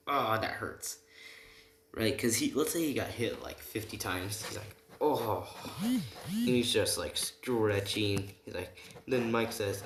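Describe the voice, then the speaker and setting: A man casually improvising a story, rambling with constant "right?" and "like" fillers. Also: lowish voice. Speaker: storyteller of an anime fan scenario. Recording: roomy, noisy home recording with typing.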